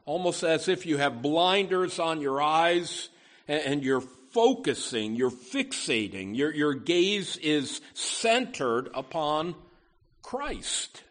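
A man's voice: fairly high pitch, very animated, takes it slowly, fairly bright tone. A man preaching a sermon as pastor, earnest and emphatic, with frequent "you know" asides and repeated words.

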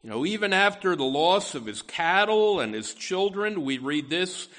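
A man preaching a sermon, halting often with fillers and restarts as he works through a psalm. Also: high-pitched, sing-song, fairly bright tone. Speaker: pastor.

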